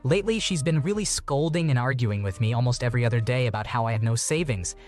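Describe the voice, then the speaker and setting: A man narrating online posts aloud in a steady, even reading voice. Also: medium pitch, fast, soft background music. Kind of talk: scripted narration.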